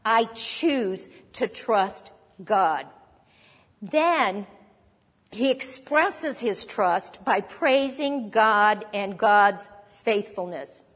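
A woman teaching a sermon on a psalm, expressive and lively, acting out quoted lines. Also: mid-range voice, extremely slow, big-room sound. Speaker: Bible teacher.

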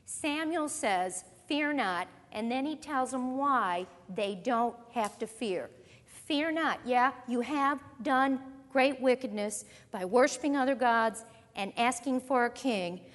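A woman's voice: on the high side, a bit bright. A woman teaching a sermon. She reads scripture aloud and puts pointed questions to her listeners. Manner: emphatic, questions the audience directly. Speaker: Bible teacher. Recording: reverberant hall sound.

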